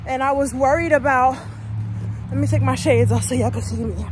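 A woman with a notably high voice vents to her viewers in a casual, heated, profane rant about a film. She talks straight at a phone camera outdoors, with a faint hum of traffic around her. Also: a little fast. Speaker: vlogger reviewing a movie.

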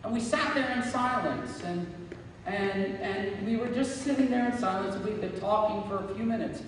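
Male pastor, very high voice, deliberate sermon delivery, roomy church echo with faint ambience. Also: a little hiss or hum. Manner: preaching with repetition, rising to fervent prayer. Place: church sanctuary. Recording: echoey church hall, mic at a distance.

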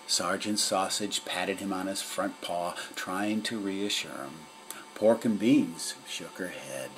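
A man narrating a children's story in an expressive storytelling manner. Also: sits low, takes it slowly, a little hiss or hum, rough recording. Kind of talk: storybook reading.

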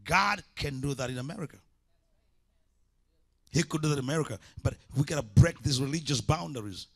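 A man's voice: a little high, lively intonation, fairly quick, gravelly, a bit bright. A man preaching a sermon as an evangelist, impassioned, with repeated call-and-response lines.

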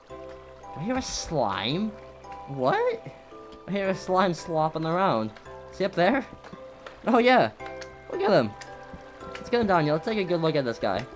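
Commentating over their own gameplay, this speaker is jumpy, quick to swear, and yelps at every scare. The voice sits in the mid range.

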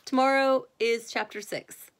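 A woman's voice: sits high, steady tone, a little slow, a bit bright, clear, resonant tone. Woman reading a bedtime story. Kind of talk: reading a children's book aloud.

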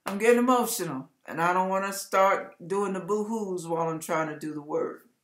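A hoarse woman giving an encouraging devotional message as an online ministry preacher, with emphatic, repeated exhortations. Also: fairly low pitch, fairly quick. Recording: echoey room.

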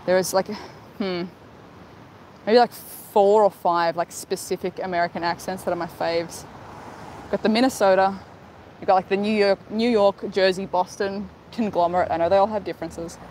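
A woman's voice: medium pitch, a little mellow, rough recording. Upbeat young woman, casual live-stream host walking outdoors, faint street noise behind. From Australia. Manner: chatty, upbeat, reads out viewer comments while walking.

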